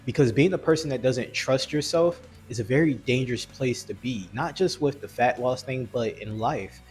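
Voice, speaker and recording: A man giving a blunt, earnest motivational talk about self-discipline and weight loss, with frequent restarts, over soft music. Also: medium pitch, normal speed. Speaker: fitness vlogger. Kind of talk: motivational monologue.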